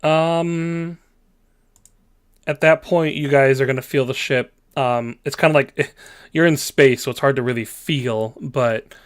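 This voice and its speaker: A man's voice: medium pitch, fairly even intonation, measured pace, clear, resonant tone. A man narrating as game master in a loose, casual way with lots of fillers.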